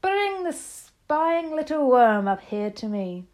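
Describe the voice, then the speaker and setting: A woman's voice: medium pitch, measured pace, a little mellow, close to an everyday voice. A woman voicing a bossy, cruel female witch leader who screeches orders in a storybook reading. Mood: furious.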